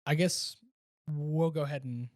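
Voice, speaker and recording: A man co-hosting a podcast, casually reviewing a movie and retelling scenes with animated restarts. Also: on the high side, unhurried, dry recording, studio quality. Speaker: podcast co-host.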